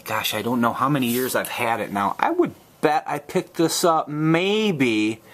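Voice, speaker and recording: A man's voice: medium pitch, sing-song, measured pace, a bit bright. A man with a Minnesota accent chatting in a casual, unscripted vlog, rambling with fillers and restarts as he shows and prices items, griping and swearing now and then. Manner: rambling and chatty, with frequent fillers and self-corrections; gripes with mild swearing. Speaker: collector selling and trading items.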